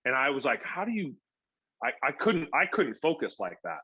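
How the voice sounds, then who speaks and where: A man in his forties, a former pro pitcher, telling stories as a podcast guest and acting out the dialogue. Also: fairly quick, husky. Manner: animated storyteller who acts out quoted dialogue. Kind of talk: casual storytelling interview. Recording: dull lo-fi podcast audio.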